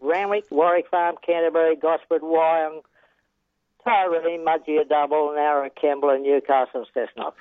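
A man's voice: fairly high pitch, fairly even intonation, unhurried, dry recording. An older Australian man, a retired horse trainer, telling rambling racing stories with chuckles and a constant "yeah". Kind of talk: casual storytelling interview. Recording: tinny phone line.

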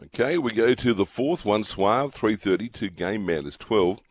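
A man, a radio host, briskly reading out the betting odds for each race. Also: fairly low pitch, animated, breathy edge. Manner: brisk, matter-of-fact listing.

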